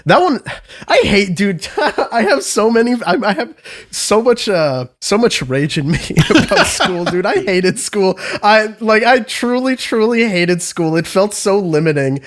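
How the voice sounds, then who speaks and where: A man's voice: sits high, measured pace. A podcast co-host who tells stories in a loose, profane rush. He swears constantly and jumps between outrage and laughter. This is a man chatting casually with friends. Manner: profane, animated storytelling with frequent swearing. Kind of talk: casual chat.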